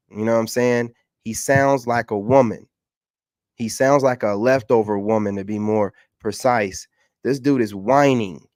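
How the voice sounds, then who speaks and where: A man's voice: medium pitch, a little mellow, no echo, studio quality. A man hosting a casual reaction commentary, blunt and lecturing, repeating himself for emphasis. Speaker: commentary host.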